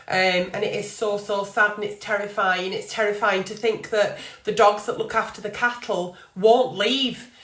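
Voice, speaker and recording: A woman's voice: mid-range voice, fairly even intonation, moderate pace, fairly bright tone, echoey room. A middle-aged woman hosting a live stream from home, talking casually and emotionally with many fillers.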